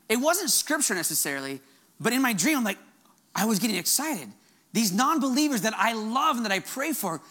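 A fervent male pastor delivering a sermon. His voice is high and bright. His pitch swings widely as he drives each point home. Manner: fervent, animated preaching.

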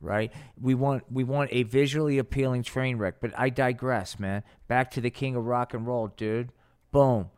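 Male host, smooth voice, loose stoner slang, rambling live comic yarn. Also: medium pitch, steady tone, normal speed, darkish tone. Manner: rambling stoner slang, swearing, filler like dude and man. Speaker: podcast host and storyteller. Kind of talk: live comedic storytelling for a puppet show.

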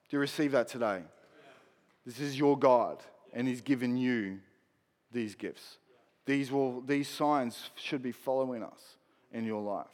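A male pastor preaching a sermon in a conversational way, with soft asides that build to emphatic declarations. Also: mid-range voice, unhurried. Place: church hall. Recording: long hall reverb.

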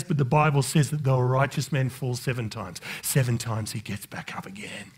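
A man's voice: steady tone, moderate pace, few pauses. A male pastor preaching a sermon, joking with the congregation and rising into impassioned preaching. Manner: jokey, conversational, talks directly to the congregation; builds into impassioned, high-pitched preaching.

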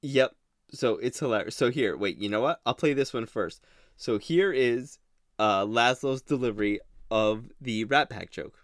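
A man's voice: mid-range voice, measured pace, dry recording. A man hosting a podcast in casual chat, eagerly retelling favorite jokes. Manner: enthusiastic, animated retelling of jokes. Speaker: podcast host.

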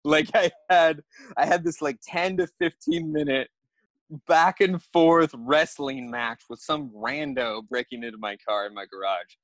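A young man, a podcast guest, telling a story in a lively way and acting out his own thoughts. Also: fairly high pitch, unhurried, dry recording. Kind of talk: animated storytelling.

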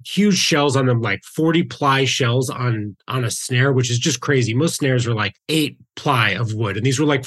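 Chatty man co-hosting a podcast. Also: medium pitch. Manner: animated, loose, many fillers like "you know". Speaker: podcast co-host. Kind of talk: casual chat.

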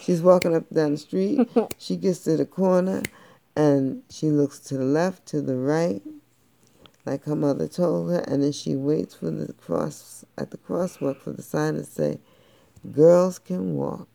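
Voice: mid-range voice, fairly even intonation, measured pace, vocal fry, mellow. A parent improvising a playful, slangy bedtime story for a child, doing the voices.

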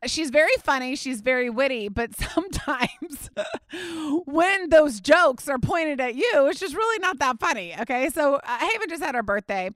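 Bright, high-voiced chatty woman host. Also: normal speed, dry recording. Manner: chatty, animated, laughs often. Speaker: podcast host. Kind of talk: casual storytelling monologue. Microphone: studio mic.

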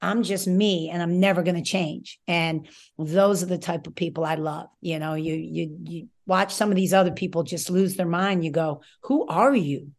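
A woman's voice: lowish voice, fairly even intonation, moderate pace, darkish tone. A woman who coached in college, chatting casually and emphatically about sports on a talk show. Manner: conversational, emphatic, rambling asides. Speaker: former college coach, guest.

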